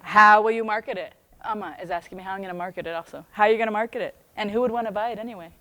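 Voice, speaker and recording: A woman's voice: mid-range voice, very fast, a bit bright. An American woman reading aloud from her own book, breaking off often into chatty asides and laughing as she goes. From United States.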